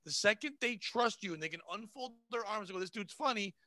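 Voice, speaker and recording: A man with a notably high, bright, sharp-edged voice, talking shop as a comedian. He is blunt and profane and acts out the people in his stories, and the recording is close and dry with no room sound. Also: fast talker, no echo. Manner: blunt, profane, animated storytelling. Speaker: comedian guest. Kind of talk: casual podcast chat.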